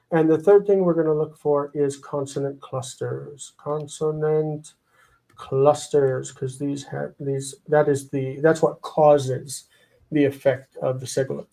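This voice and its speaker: A man teaching a live online grammar lesson, sounding out words slowly and explaining their forms. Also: a little high, warm tone, low-quality recording. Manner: explains, repeats words slowly, reads out comments.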